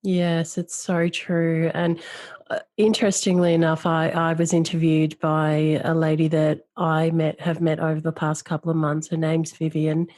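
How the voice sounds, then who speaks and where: A woman with a low voice hosts a heartfelt podcast chat. She talks earnestly and reflectively, leaning on key words. Her voice sits close and dry, with no room sound around it. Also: completely flat delivery, normal speed, darkish tone, no echo. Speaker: podcast host. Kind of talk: emotional podcast conversation.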